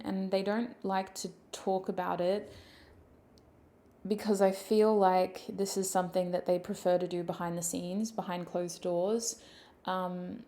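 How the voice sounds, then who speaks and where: A woman giving a channelled tarot reading in a soft, intimate, emotional way, close to tears at times. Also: mid-range voice. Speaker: tarot reader.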